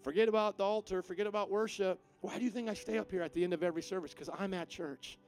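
A man pastor preaching a sermon with emphatic delivery, swinging between quiet and loud. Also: high voice, fairly even intonation, fast, soft background music.

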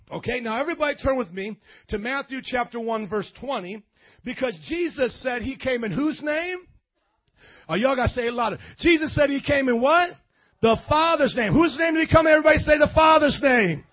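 A man preaching a sermon, calling on the congregation to answer him and building up to shouts. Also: high voice, highs cut off. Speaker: pastor.

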